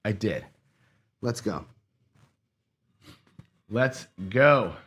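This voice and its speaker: A man's voice: lowish voice, drawn-out words, slightly rough. Chatty man calling dice rolls. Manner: talks to camera while rolling dice, counting payouts aloud; excitable bursts when a roll goes his way. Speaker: craps strategy host. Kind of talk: casual play-along commentary.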